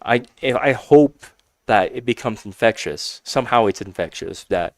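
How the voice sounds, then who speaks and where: A man in his twenties talking casually as a podcast guest, earnest and upbeat, jumping into high voices when he quotes people. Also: animated, measured pace, dry recording. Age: 20s. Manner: earnest, upbeat, acts out quotes with big pitch jumps. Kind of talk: casual chat.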